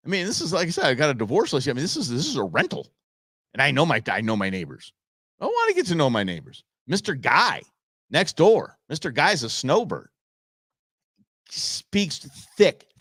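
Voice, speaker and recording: A man from Southern California hosting a live show in casual chat, rambling and animated with folksy asides to his viewers. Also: a little high, dry recording, clean studio sound.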